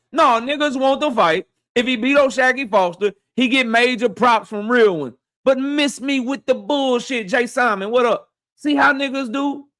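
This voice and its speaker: A high-pitched man, hosting a live boxing talk stream. He rants at his viewers in a heated, profane and mocking way. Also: a bit bright. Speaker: boxing talk show host.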